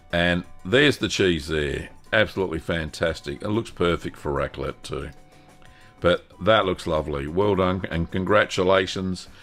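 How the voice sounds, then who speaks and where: An Australian man hosting a live stream about home cheese-making, chatting in a relaxed way with plenty of ums and quick self-corrections. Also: deep voice. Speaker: host.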